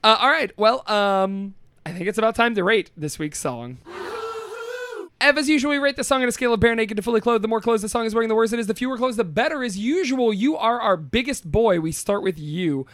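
A man's voice: high-pitched, animated, brisk, fairly bright tone. A man hosting a podcast, upbeat and playful, leading the segments and laughing often. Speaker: podcast host. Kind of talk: casual podcast chat.

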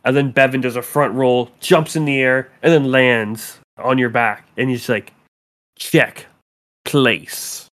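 A man's voice: medium pitch, steady tone, moderate pace, hardly any pauses, a bit bright. Man game master, casual narrator, rambly. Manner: casual, lots of "like" fillers.

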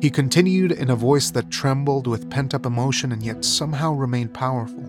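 A man's voice: mid-range voice, a little fast, hardly any pauses. An older man, a teacher, reading his own personal story aloud in an earnest, reflective way. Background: background music.

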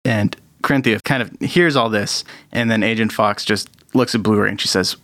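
A man's voice: on the low side, moderate pace, few pauses, fairly bright tone, no room sound. A man narrating as game master of a tabletop role-playing game, often laughing as he goes.

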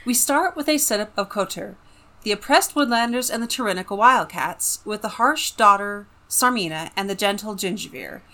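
A woman co-hosting a casual podcast, summarizing a book plot in an animated way and laughing often. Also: mid-range voice, normal speed. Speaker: podcast co-host.

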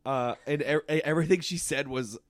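A man co-hosting a casual chat, rambling with fillers and deadpan jokes. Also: a little high, brisk, no room sound, studio quality. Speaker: podcast co-host.

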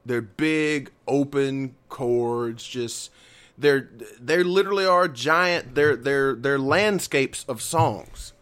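A man co-hosting a casual music chat, who talks in a lively, emphatic way and swears casually. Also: mid-range voice, takes it slowly, smooth. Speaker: podcast co-host.

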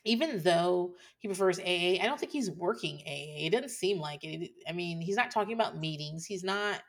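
Woman co-host, chatty and animated, lots of laughter while recapping a show. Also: lowish voice, brisk. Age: late 20s or older. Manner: animated, laughs often, acts out quotes. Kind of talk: casual chat recapping a TV show.

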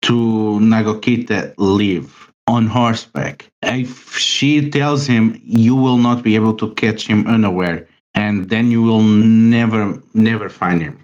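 A man voicing a composed, firm woman who speaks slowly and deliberately. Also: fairly low pitch, darkish tone, lo-fi sound. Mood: cool warning. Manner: slow, deliberate, warning. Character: cool, composed woman messenger, calm and firm.

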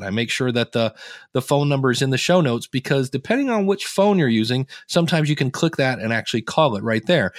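A middle-aged man giving podcasting advice as a guest in a casual interview, telling stories in an animated way and acting out the people he quotes. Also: medium pitch, no echo, studio quality. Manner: animated storyteller, acts out quoted voices.

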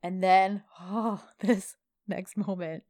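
A woman co-hosting a casual chat, retelling a drama episode with lively, acted-out lines and laughter. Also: mid-range voice, takes it slowly. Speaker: podcast co-host recapping a TV drama.

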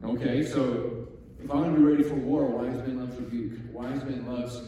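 Heard from a distance in a reverberant hall, a man with a mid-range voice preaches a little fast, bringing his stories to life and imitating the characters he quotes. The audio has its highs cut off and slight background noise.

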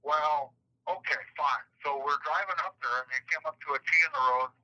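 Heard over a phone line, a middle-aged man recounts past events in an interview, speaking fast in a mid-range voice with a sharp tone. He rambles, repeats words, and acts out the dialogue he quotes.

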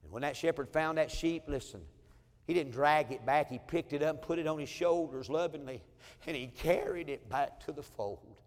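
A middle-aged male pastor preaching in a church, his slightly high voice carried by a long, ringing hall reverb. He tells homely family stories, slips into the voices of the people in them and chuckles along with his congregation. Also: moderate pace. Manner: storytelling, acting out family quotes, chuckling asides. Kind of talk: sermon. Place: church sanctuary.

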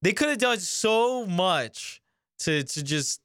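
A man's voice: sits high, expressive, takes it slowly, fairly bright tone, clean tone, dry recording. A man co-hosting a casual review podcast, joking in a dry way. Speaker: podcast co-host.

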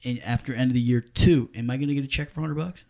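A man's voice: medium pitch, racing, vocal fry. A man with a New Jersey accent, a family retail business leader, chatting casually and playfully skeptical about investing. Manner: animated, playfully skeptical, talks over others. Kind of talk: casual chat.

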